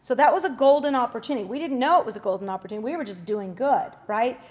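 A woman in her forties hosting a faith talk show, telling a story in a chatty, casual devotional style with quick asides. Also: fairly high pitch, a little mellow.

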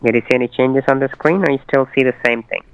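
A man's voice: mid-range voice, fairly even intonation, fast, clear, resonant tone, no echo. A man on a scam call, giving insistent, repetitive instructions. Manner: insistent, repetitive, formulaic phrasing. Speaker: scam caller. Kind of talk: phone call. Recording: muffled dry phone line.

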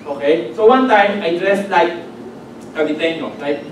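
A man's voice: a little high, moderate pace. A man from the Philippines with a Filipino accent, preaching a conversational sermon and checking in with the congregation by asking "okay?". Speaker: pastor. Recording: echoey hall, distant mic, background noise.

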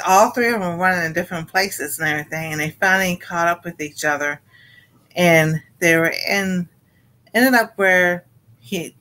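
A woman casually recapping a cartoon episode for a panel show, rambling and halting with many fillers. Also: on the low side, fairly bright tone, rough recording.

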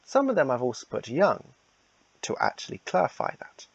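A man's voice: medium pitch, wildly swooping pitch, normal speed, creaky, slightly rough, no room sound, lo-fi sound. A man casually announcing the casting for a fan redub, rambling and repeating himself.

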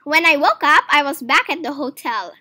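A woman's voice: high-pitched, lively intonation, moderate pace, sharp tone. A woman reading a children's book aloud, telling the story expressively and putting on voices for the characters. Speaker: reader.

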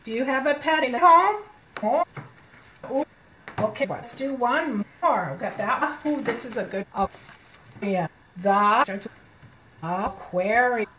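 Slow, encouraging woman reading teacher. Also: fairly high pitch, reverberant, a little hiss or hum, low-quality recording. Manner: sounds out letters slowly, encouraging and animated. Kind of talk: read-aloud lesson for young children.

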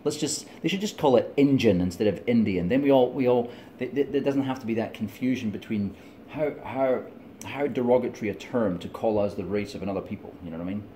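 A man's voice: mid-range voice, brisk, warm tone, a little hiss or hum. A middle-aged man with a Scottish accent, vlogging in a rambling, digressive monologue, chatty and laughing often. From Scotland.

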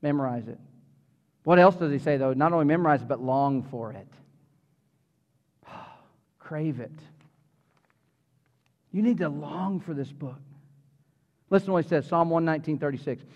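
A middle-aged man preaches in a church with a high voice, animated and chatty, joking with the congregation. His voice carries a long reverb from the sanctuary, and the recording sounds a bit dull. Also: a little fast. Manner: animated, conversational preaching with humor and audience asides. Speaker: pastor. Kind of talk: sermon.

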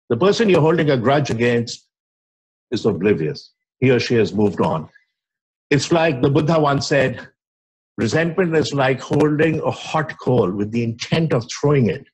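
An older man with an Indian English accent speaks to a lecture hall, his voice a little husky. He tells stories, dropping low and quiet on the punchlines of the quotes he recites. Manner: storytelling, quotes with soft dramatic drops. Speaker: physician giving grand rounds talk.

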